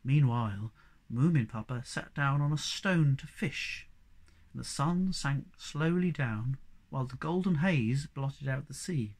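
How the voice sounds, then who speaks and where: A man narrating a children's storybook in an expressive, animated way. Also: mid-range voice, unhurried. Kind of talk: storybook reading.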